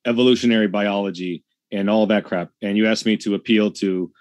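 A man's voice: fairly low pitch, steady tone, brisk, darkish tone, no room sound. A man hosting a casual debate chat, colloquial and a little stammering.

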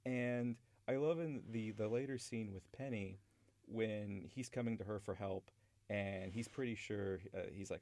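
A man's voice: fairly low pitch, unhurried, a little mellow. A man hosting a podcast, talking through a film he loves in a rambling, enthusiastic way with many restarts. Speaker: podcast host. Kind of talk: casual film discussion.

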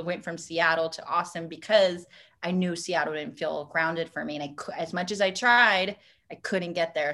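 A woman in her thirties co-hosting a casual chat, an animated storyteller who laughs often and acts out quotes with big jumps in pitch. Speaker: podcast co-host.

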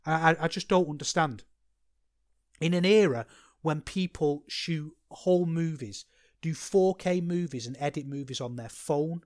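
A man's voice: a little high, no room sound, clean studio sound. A man hosting a solo podcast, rambling and self-deprecating, with frequent restarts. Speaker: podcast host.

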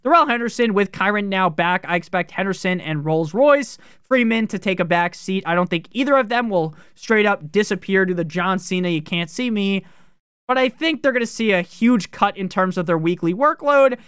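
A man's voice: high voice, animated, fairly bright tone, smooth, no room sound, studio quality. A man hosting a fantasy football podcast, joking and swearing through casual commentary. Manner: profane, joking, fast-talking.

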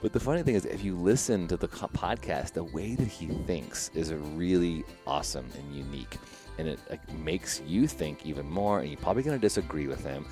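A man's voice: very deep voice, expressive, fairly quick, over music. A man from the Chicago area hosting a casual podcast, telling stories animatedly and laughing often. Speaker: podcast host.

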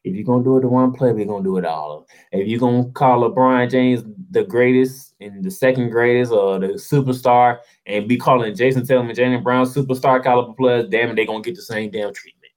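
A man's voice: mid-range voice, a little fast, hardly any pauses, darkish tone, poor audio. A man hosting a sports show, delivering a heated, sarcastic basketball rant full of rhetorical questions in informal, slangy speech.

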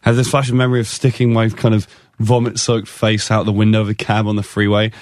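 A man's voice: lowish voice, completely flat delivery, quick pace, darkish tone, no room sound. An English man guest on a chat show, telling a sheepish, rambling story. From England. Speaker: musician guest. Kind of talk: casual chat.

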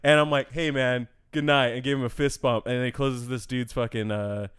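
A man's voice: medium pitch, moderate pace, clear, resonant tone, no room sound, clean studio sound. A young man telling stories in casual chat, swearing freely and acting out the people in them. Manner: profane, animated storyteller, acts out voices.

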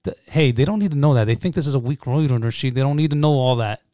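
A young man co-hosting a casual podcast with his brother, joking and telling animated stories. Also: mid-range voice, fast talker, dry recording, studio quality. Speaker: podcast co-host. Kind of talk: casual chat.

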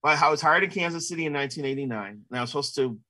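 A man's voice: a little high, rapid-fire, pushed and bright. A man in his fifties, a sportswriter, answering interview questions in a casual, rambling way full of "you know" fillers.

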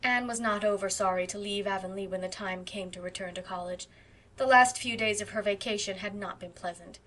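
Measured and expressive, a woman with a medium-pitched voice reads a classic novel aloud as scripted audiobook narration.

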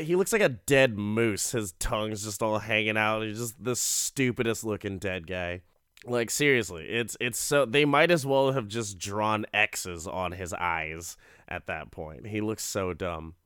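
Casual, profane recapper: a man with a smooth, resonant voice, recorded dry. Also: lowish voice, a bit bright, no room sound. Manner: profane, rambling, laughs often. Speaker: show reviewer.

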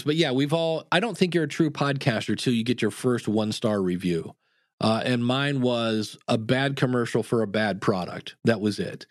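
A man, a podcast coach, answering interview questions in an animated way, acting out the people he quotes. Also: medium pitch, no room sound, studio quality.

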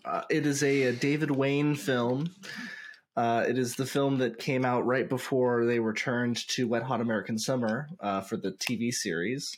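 A man's voice: mid-range voice, steady tone, normal speed. A man co-hosting a casual podcast, rambling with fillers and laughing often. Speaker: podcast co-host. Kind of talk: casual chat. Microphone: podcast microphone.

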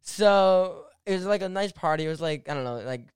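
A man's voice: high voice, moderate pace, clear, resonant tone, no room sound. A young man casually telling a rambling story full of fillers and restarts, swearing freely. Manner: animated, swears and laughs through the story.

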